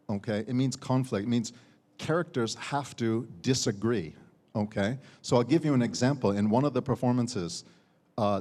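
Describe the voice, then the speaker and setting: This American man's voice is medium in pitch with a darkish tone. He's a university teacher judging a student competition, giving spoken feedback, repeating words and checking in with "okay?" while a long hall reverb trails behind him.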